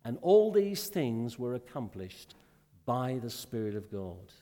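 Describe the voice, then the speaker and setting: Man, sermon, animated rising and falling voice, long reverb from a church hall. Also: medium pitch, a little slow. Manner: exclamatory, frequent hallelujahs, rhetorical questions. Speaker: preacher.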